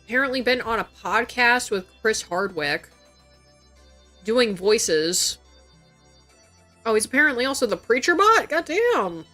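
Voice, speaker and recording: A woman's voice: on the high side, very animated, a little slow, long pauses, pushed and bright, soft background music. Casual swearing woman streamer. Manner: swears freely, exclaims in disbelief. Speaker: livestreamer. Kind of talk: casual chat.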